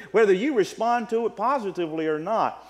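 A man preaching a sermon as pastor, animated, with a rising and falling delivery. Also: high-pitched, normal speed. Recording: long reverb of a large hall.

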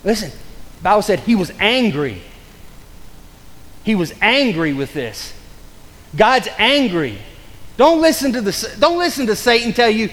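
Male pastor, high voice, urgent-to-hushed sermon delivery, big church reverb. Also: very animated, takes it slowly, long pauses. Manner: swings between loud urgent preaching and low hushed warnings; acts out excuses in mocking quoted voices. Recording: long hall reverb.

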